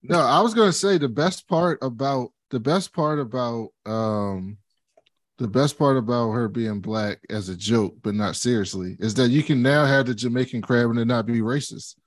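A man's voice: medium pitch, moderate pace, dry recording, clean studio sound. A man co-hosting a podcast, chatting casually with short, easygoing reactions. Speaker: podcast co-host. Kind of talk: casual chat.

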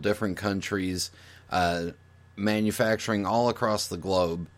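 A middle-aged man with a fairly low voice talks casually as a podcast guest. He lays out his view step by step, hedging and guessing aloud, with fillers and restarts along the way. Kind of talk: casual explanatory talk.

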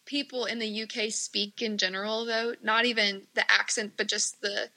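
A woman's voice: mid-range voice, fairly even intonation, normal speed, bright, forceful tone, low-quality recording. A woman from the United States, chatting casually with many fillers and frequent laughter. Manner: giggly, chatty, lots of fillers. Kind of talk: casual chat.

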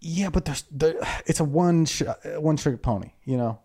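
A man's voice: a little high, normal speed, warm tone. A young man co-hosting a podcast, rambling and joking with plenty of swearing. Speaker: podcast co-host. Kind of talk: casual chat.

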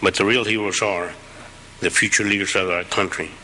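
A middle-aged man with a deep, low voice gives an archival talk to a crowd, telling of his time at war. His tone is forceful and firm, yet earnest and plain-spoken, and a faint hiss sits under the recording. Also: fairly even intonation, moderate pace, rough recording. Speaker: veteran speaker. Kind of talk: recorded speech retelling a war story.

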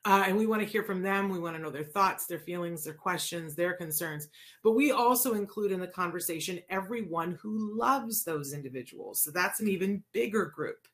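A woman in her forties hosts a live autism show and podcast, speaking at a normal speed in a fairly low, slightly bright voice. Her talk on the live-stream mic is chatty and casual, full of fillers.

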